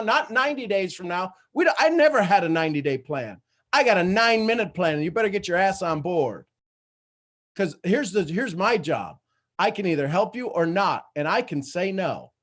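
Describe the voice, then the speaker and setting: A man in his fifties hosting a live coaching call, blunt and emphatic, swinging between loud lines and hushed ones. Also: high voice. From Ireland. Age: 50s. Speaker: host and coach.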